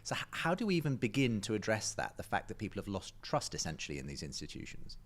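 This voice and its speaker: Deep-voiced male podcast host. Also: wildly swooping pitch. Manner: measured, hesitant, with fillers. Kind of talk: interview questions.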